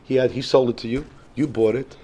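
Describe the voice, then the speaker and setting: Animated rabbi. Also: male voice, medium pitch, brisk, slightly rough. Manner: animated storyteller, repeats and restarts phrases. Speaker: rabbi teaching daily Talmud. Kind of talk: storytelling Torah lesson.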